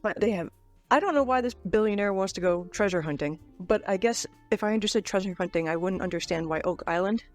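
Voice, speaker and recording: A woman's voice: mid-range voice, fast, soft background music. A woman in her forties co-hosting a podcast in casual, jokey chat, laughing often and poking fun at herself. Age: 40s. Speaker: podcast co-host.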